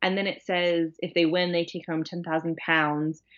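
A woman co-hosting a casual podcast tells a story with animated energy, lots of "um" and "like" along the way. Her voice sits on the low side for a woman. The recording sounds dull and lo-fi. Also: moderate pace. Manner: animated storyteller, laughing, many fillers. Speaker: podcast co-host. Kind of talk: casual chat.

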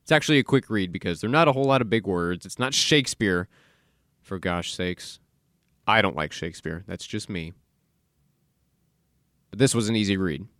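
A man's voice: deep voice, normal speed, pauses often, dry recording. A man hosting a solo podcast in a studio, talking casually and sarcastically, ranting and mock-quoting people. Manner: animated, sarcastic, rants and mock-quotes people. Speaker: podcast host. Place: recording studio.

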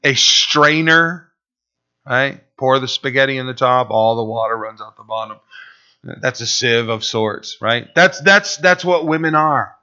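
A man's voice: medium pitch, a little slow, sharp tone, smooth. A man preaching as a pastor, emphatic and drawn out, often asking "right?". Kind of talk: sermon. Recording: dull lo-fi recording.

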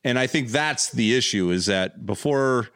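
A man's voice: mid-range voice, expressive, normal speed, fairly bright tone, dry recording, clean studio sound. A man hosting a podcast, joking around and rambling in casual chat. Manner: jokey, rambling. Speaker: podcast host.

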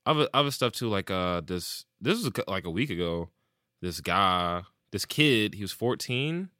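A man's voice: low voice, expressive, moderate pace, bright, forceful tone, no echo, clean studio sound. A man in casual chat, animatedly retelling stories and acting out what people said, with plenty of swearing.

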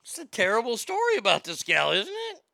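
A man's voice: very high-pitched, wildly swooping pitch, brisk, gravelly, bright, forceful tone, no room sound. A man hosting a casual comedic chat, wisecracking about odd news stories. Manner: wisecracking, drifting into mocking bits.

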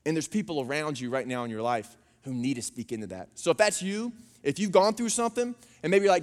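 A man's voice: fairly high pitch, fast talker. Man preaching in a reverberant hall. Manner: animated, folksy preaching with storytelling. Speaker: pastor. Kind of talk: sermon.

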